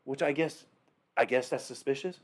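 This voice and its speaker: A young man co-hosting a podcast, telling a story in a lively way, swearing and acting out shouts. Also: medium pitch, moderate pace. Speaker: podcast co-host. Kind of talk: casual chat.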